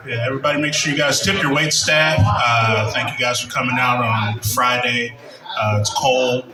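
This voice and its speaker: A man's voice: medium pitch, fairly even intonation, normal speed. A man doing a loose, hesitant amateur stand-up set at a bar. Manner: loose, hesitant, many ums. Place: small bar stage. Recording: echoey bar from a distant mic, crowd.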